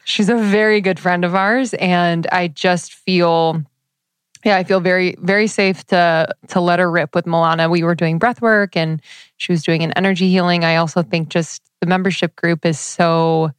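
Young woman cohost, kinda low voice, thoughtful open chat, dry close mic. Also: fairly even intonation, smooth, dry recording. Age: young adult. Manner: reflective, open, many fillers and pauses. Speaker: podcast co-host. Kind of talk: casual chat.

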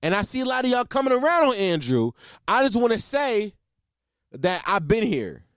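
A man's voice: high voice, very animated, normal speed, fairly bright tone, smooth, no echo, studio quality. A man hosting a podcast, chatting casually about a movie in a loose, emphatic way full of fillers and swearing. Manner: loose and emphatic, heavy on "like" and profanity. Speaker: podcast host. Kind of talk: casual movie review chat.

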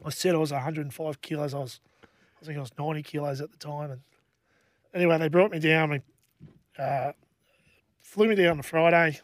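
A middle-aged Australian man, a former rugby league player, telling stories casually as a podcast guest, with a halting, laid-back delivery full of restarts. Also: on the high side, dry recording. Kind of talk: casual storytelling.

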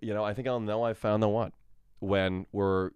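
A man's voice: on the low side, level tone, a little mellow, smooth, no room sound. A male comedian chatting loosely on a podcast, rambling between jokes. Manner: rambling, jokey, quick. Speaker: impressionist comedian.

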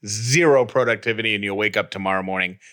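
A man's voice: lowish voice, fast, pushed and bright. A man co-hosting a podcast, talking in a teasing, matter-of-fact way in casual chat. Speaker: podcast co-host.

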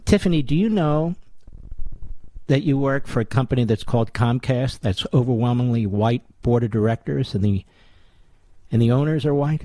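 A man's voice: expressive, moderate pace, no room sound. Sarcastic male talk radio host. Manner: combative, sarcastic, mocking rhetorical questions; voice climbs high and loud in indignation.

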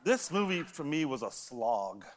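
A man guesting on a late-night talk show, telling absurd made-up stories with a deadpan, goofy manner. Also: medium pitch, measured pace. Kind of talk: comedic interview banter. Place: TV studio with live audience. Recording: studio audience and background noise.

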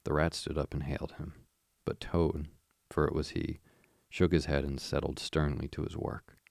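Audiobook narrator, man, rumbling bass, flat and steady, gravelly, dry studio sound. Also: normal speed, no room sound.

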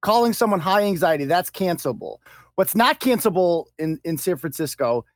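A man's voice: high-pitched, lively intonation, fairly quick, no echo, studio quality. A man co-hosting a podcast, speaking with a sarcastic, mocking manner in casual chat. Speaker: podcast co-host.

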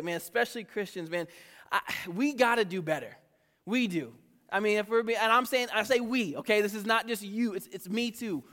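A man in his thirties giving a casual, joking sermon as pastor, animated and conversational. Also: high voice. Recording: reverberant hall.

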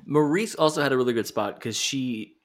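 A man's voice: medium pitch, brisk. A man co-hosting a podcast, recapping in a playful, storytelling way. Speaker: podcast co-host. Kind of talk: casual recap chat.

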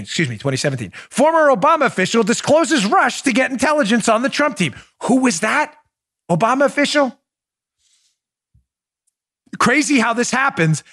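Animated, sarcastic male podcast host. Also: high voice. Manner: sarcastic, incredulous; talks to his producer on air. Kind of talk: political commentary.

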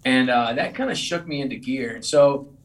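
A man's voice: mid-range voice, expressive, normal speed, poor audio. A man being interviewed as a guest author who tells stories in an earnest way and often repeats his words. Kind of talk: casual interview storytelling.

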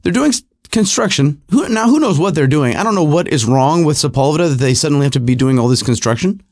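A man's voice: on the high side, animated, fast, darkish tone, no room sound, studio quality. Wry, rambling man in a garage. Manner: digressive, wry, self-deprecating. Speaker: podcast host. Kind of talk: rambling casual monologue. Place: home garage.

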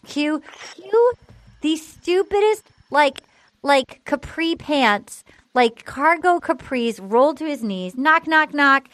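A woman hosting a podcast, recapping a show in animated, gossipy casual chat full of likes. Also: high voice, slow pace, no room sound. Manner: animated storytelling with frequent likes. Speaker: podcast host.

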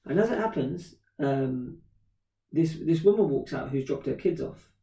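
A man in his thirties, a podcast co-host, telling a story in casual chat, animated and swearing freely. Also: fairly high pitch, measured pace, creaky. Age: 30s. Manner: animated, swears freely, acts out quoted voices. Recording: roomy echo, distant from mic.

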